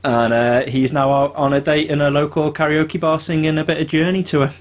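Relaxed man with lots of fillers. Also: a little high, brisk. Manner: relaxed, filler-heavy, storytelling. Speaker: podcast co-host. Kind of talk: casual podcast chat.

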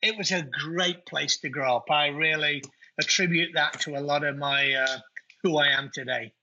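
Middle-aged Nottingham man, guest, chatty and colloquial, very bright voice, lo-fi sound. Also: fairly high pitch, moderate pace, a little hiss or hum. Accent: Nottingham English. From England. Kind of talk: casual interview chat.

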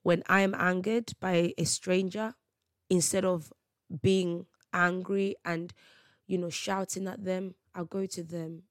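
A woman's voice: lowish voice, level tone, slow, no room sound. A woman delivering an emphatic, slangy faith monologue on her podcast. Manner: emphatic, preachy, slangy storytelling. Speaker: podcast host.

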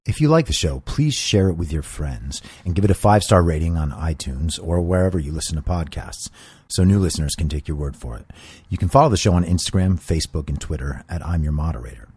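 A man's voice: very deep voice, expressive, quick pace, darkish tone, husky, no room sound. A man hosting a political commentary podcast, talking in a blunt, emphatic and opinionated way into a close microphone. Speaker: podcast host.

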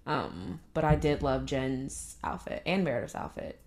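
Low-voiced young woman, blunt quips. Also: lively intonation, unhurried, a little mellow. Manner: blunt, agreeable, short quips. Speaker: podcast co-host. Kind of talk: casual chat.

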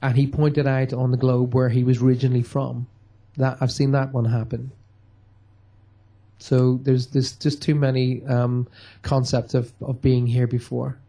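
A man, a medium, answering interview questions with lively, joking stories and acted-out dialogue. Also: medium pitch, unhurried. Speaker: medium and touring stage performer.

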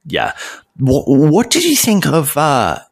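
A man's voice: fairly high pitch, wildly swooping pitch, slow pace, vocal fry, husky, dry recording, studio quality. A young man in casual podcast chat, enthusiastic and bantering with his co-host. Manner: chatty, enthusiastic, banter with slang like mate. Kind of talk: casual chat reviewing a TV episode.

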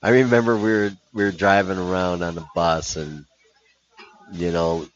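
A man's voice: low voice, flat delivery, normal speed, muffled recording. A man who coaches hockey, telling stories in a podcast interview with animation and laughing at his own punchlines.

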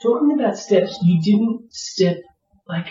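A man's voice: high-pitched, animated, measured pace, dark tone. A man interviewing a guest casually, encouraging and laughing along often. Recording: roomy, distant, dull sound.

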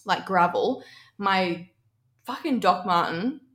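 A woman's voice: mid-range voice, expressive, slow pace, a bit bright. A young Australian woman, a podcast co-host, tells stories in casual chat, swearing freely and acting out the voices she quotes. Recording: echoey room.

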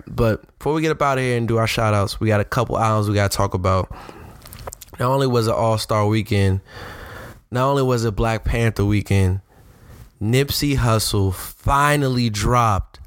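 An excited man co-hosting a podcast, his slangy talk about music quick and lively. His voice sits in a middle register. The mic is close and the sound is dry. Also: mid-range voice, clear, resonant tone, dry recording. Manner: enthusiastic, slangy, animated. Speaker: podcast co-host. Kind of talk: casual hip-hop talk.

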